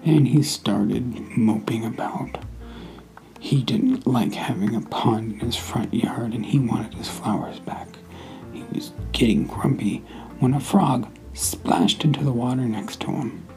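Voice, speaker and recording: A man hosting a podcast, telling a bedtime story in a soft, hushed, partly whispered voice. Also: medium pitch, vocal fry, soft background music, poor audio. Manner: slow, hushed, half-whispered. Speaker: podcast host.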